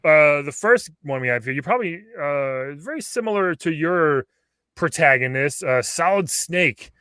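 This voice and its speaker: Brief: male podcast host, playful and easygoing, with a bright, slightly high voice. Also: lively intonation, smooth, no room sound, studio quality. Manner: playful, quick to laugh and play along. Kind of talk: casual comedy interview.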